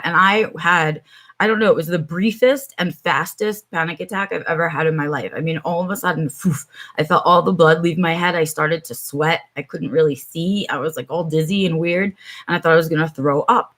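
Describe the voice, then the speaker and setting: A woman's voice: lowish voice, normal speed, a bit bright. A middle-aged woman chatting on her live stream from home, telling a long story with many ums and asides to her viewers.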